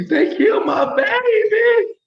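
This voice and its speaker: A man voicing a grieving middle-aged mother who wails in a high falsetto. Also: dull audio, heavily acted. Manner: shrieking, high falsetto wail. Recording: roomy echo.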